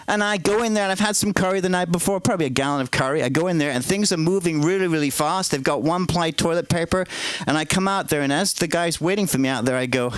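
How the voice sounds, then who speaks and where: A man doing stand-up at an open mic, rambling through absurd stories in a deadpan way on a comedy club stage. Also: a little high, no room sound, low-quality recording.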